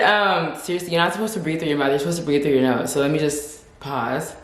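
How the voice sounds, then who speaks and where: A young woman vlogging in a casual, animated chat, laughing often as she talks. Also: sits low, quick pace, few pauses, reverberant.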